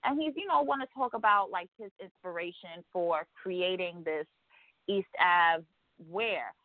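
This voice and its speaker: A woman's voice: fairly low pitch, a little slow, no room sound. A woman co-hosting a radio show, recapping reality TV gossip in a sassy, profane, rambling way. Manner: sassy, profane, rambling storytelling with mimicked quotes. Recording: dry, phone-like narrow sound.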